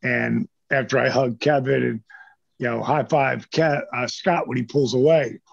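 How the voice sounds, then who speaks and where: A man, a former wrestler telling stories in a casual interview, animated and swearing freely while he acts out the people he quotes. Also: medium pitch, unhurried, creaky, slightly rough, no echo, lo-fi sound.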